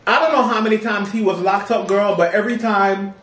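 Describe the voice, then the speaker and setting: Chatty, gossipy man with a high voice. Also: fairly even intonation, brisk, a bit bright. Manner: chatty, gossipy, calls listeners "girl". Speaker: co-host. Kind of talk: casual chat over a meal. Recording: echoey room, distant mic, faint noise.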